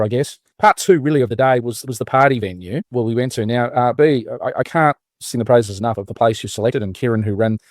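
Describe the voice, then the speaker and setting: A man's voice: medium pitch, a little mellow, no room sound, studio quality. A man co-hosting a podcast, chatting casually and rambling, with many restarts and fillers. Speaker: podcast co-host.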